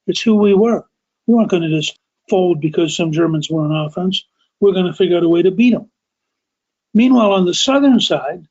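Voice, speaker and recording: High-voiced man telling history, lo-fi. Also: a little mellow. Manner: conversational, emphatic, addresses listeners directly. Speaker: podcast host. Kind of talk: storytelling history narration. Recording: dull lo-fi audio.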